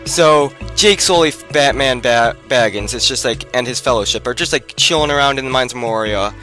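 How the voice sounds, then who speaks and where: A man's voice: mid-range voice, moderate pace, sharp tone, soft background music. A man giving rambling game commentary, retelling a story packed with "like" and breaking off to talk about his own play. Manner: rambling, filler-heavy retelling with "like". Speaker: gameplay commentator.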